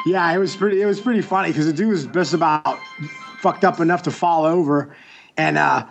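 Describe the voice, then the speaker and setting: A man's voice: fairly high pitch, moderate pace, creaky, pauses often, faint music behind. A young man, a tattoo artist, telling stories in a casual, laid-back way and swearing freely. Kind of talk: casual chat.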